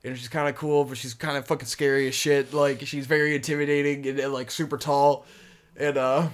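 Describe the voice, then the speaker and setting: Speaking a little fast in a mid-range, level voice, this young guy co-hosts a podcast and casually spins out a long, rambling tale. He curses along the way and leans heavily on "like."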